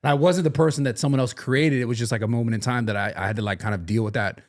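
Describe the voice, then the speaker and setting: A young man hosting a podcast, talking earnestly and thinking aloud. He fills his sentences with "like" as he works through what he means, and his voice sits at an ordinary middle pitch. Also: rapid-fire. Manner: earnest, reflective, many "like" fillers. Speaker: podcast host. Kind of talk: casual podcast chat.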